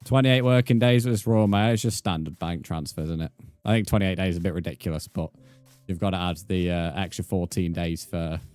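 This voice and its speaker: A man's voice: low-pitched, a little fast, darkish tone, faint music behind. A young man streaming a game live, chatting bluntly and swearing as he bants with viewers. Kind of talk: live stream chat while gaming.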